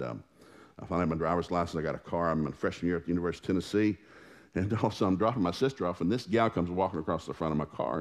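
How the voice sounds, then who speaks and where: A man with a deep, low voice preaches in a church, spinning family stories in a folksy, animated style. He acts out the quoted lines as he goes. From Oklahoma. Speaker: pastor. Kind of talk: storytelling sermon.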